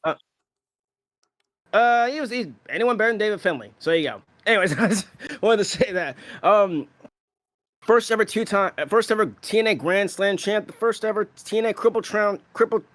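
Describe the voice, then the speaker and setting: Brief: young male podcast co-host, higher-pitched, excited rambling fan talk, dry close sound. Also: brisk, no echo. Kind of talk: casual podcast chat.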